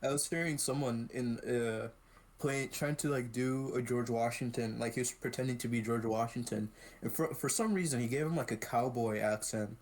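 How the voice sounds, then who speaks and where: Young man, casual podcast co-host, teasing and argumentative, mid-pitched. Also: moderate pace, darkish tone. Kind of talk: casual chat.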